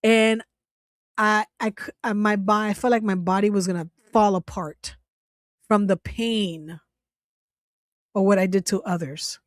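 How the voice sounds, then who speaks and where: A woman's voice: mid-range voice, steady tone, unhurried, long pauses, no echo, clean studio sound. A woman hosting her own channel, telling a personal story in casual talk. She is emotional, restarts often and laughs now and then as she speaks. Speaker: channel host.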